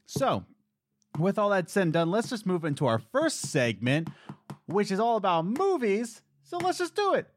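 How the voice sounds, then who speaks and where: Lively young man hosting a podcast. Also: high voice, moderate pace, a little hiss or hum. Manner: animated, jokey storytelling with mimicked voices. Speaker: podcast co-host. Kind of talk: casual podcast chat.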